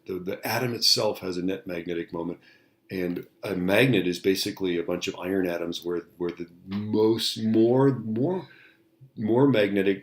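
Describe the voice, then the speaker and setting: Low gravelly man giving a lecture. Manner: casual, tag questions, many fillers and restarts. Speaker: physics teacher. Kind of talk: recorded lecture.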